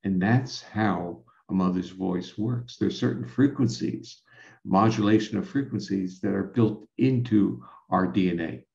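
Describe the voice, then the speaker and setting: Gravelly, low-voiced scientist explaining. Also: male voice, darkish tone. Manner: measured, lecturing, with frequent restarts. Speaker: scientist guest. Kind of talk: explanatory conversation. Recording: roomy, dull lo-fi sound.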